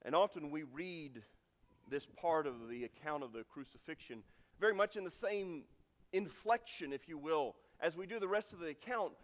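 A man preaching a sermon with dramatic swings from loud, emphatic lines to hushed endings. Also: high-pitched. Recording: long reverb of a large hall.

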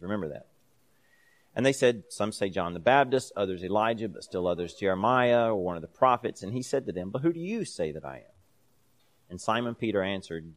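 A low-voiced man teaches a Bible class in a relaxed, conversational way. He reads scripture passages aloud with added emphasis and fills his explanations with casual pauses.

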